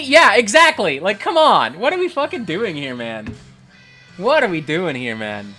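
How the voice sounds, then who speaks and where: A man's voice: sits high, big pitch swings, a little slow, bright, forceful tone, faint music behind. A man hosting a livestream, reading chat and ranting in a profane, combative way. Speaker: livestream host.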